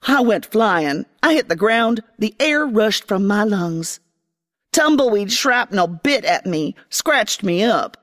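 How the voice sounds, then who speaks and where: A woman narrating a first-person fantasy story in an expressive, dramatic way. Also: mid-range voice, in a large hall. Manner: expressive, dramatic, voicing a young girl.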